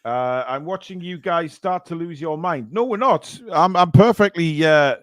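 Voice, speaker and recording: A man's voice: fairly high pitch, moderate pace, fairly bright tone, no room sound. A man hosting a charity live stream, reading out donations and laughing at cheeky comments. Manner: laughing, reads out super chats with mock outrage. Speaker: livestream host reading donations. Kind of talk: casual live stream chat.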